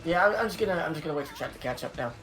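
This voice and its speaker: A man's voice: a little high, animated, rapid-fire, over music. A man chatting casually on a voice call while gaming, rambling and unsure of names, laughing along. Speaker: guest co-player. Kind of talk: casual chat over voice call.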